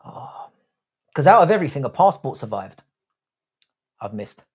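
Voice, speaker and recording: A young man hosts a casual live stream, bantering and answering chat in a cocky, crude way. His voice sits at an ordinary middle pitch, and he talks loosely, with a swaggering, teasing edge. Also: very animated, normal speed, a little mellow, husky. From Britain. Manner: crude, cocky banter, calls himself "your boy". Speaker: livestream host. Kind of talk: casual live chat reading out viewer comments.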